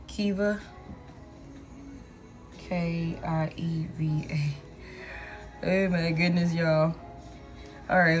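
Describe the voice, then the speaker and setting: Woman reading tarot live, lowish voice, swearing and chatting with the viewers, soft music going behind her. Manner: casual, profane, chatty with viewers. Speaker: tarot reader.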